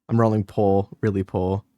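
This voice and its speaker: A man's voice: on the low side, warm tone, dull audio. A man narrating a tabletop game as game master in a casual, filler-heavy way.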